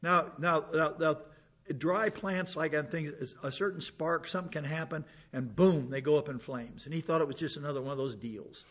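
A man's voice: fairly high pitch, normal speed, fairly bright tone, husky, lo-fi sound. A man giving an informal Bible lesson, chatting along, repeating words and asking rhetorical questions. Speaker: Bible teacher.

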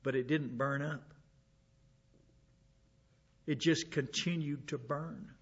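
A man's voice: on the high side, steady tone, slow, fairly bright tone, breathy edge. Talkative man teaching scripture, lo-fi. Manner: conversational, repeats words, asks rhetorical questions. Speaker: Bible teacher. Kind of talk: informal Bible teaching.

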